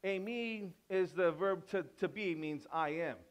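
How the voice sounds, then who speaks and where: A pastor giving a sermon in a conversational manner, teasing the congregation and turning emphatic with sudden quiet drops. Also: male voice, high-pitched, measured pace. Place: church.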